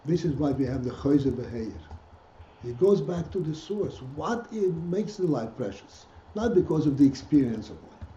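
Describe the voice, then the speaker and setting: A mellow, somewhat high male voice belongs to a rabbi teaching a class on Hasidic texts. He pauses and starts over often, posing rhetorical questions to those listening, in a dull, reverberant room with faint noise.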